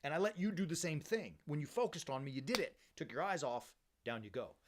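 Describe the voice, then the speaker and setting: A man's voice: a little high, expressive, brisk, noisy background, lightly acted. A male preacher voicing a slangy, chiding adult male teacher figure who asks exasperated rhetorical questions.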